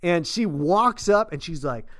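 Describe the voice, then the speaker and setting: An American man co-hosting a podcast, telling stories in a casual, laughing, animated way. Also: fairly high pitch, unhurried. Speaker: podcast co-host. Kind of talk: casual chat, storytelling.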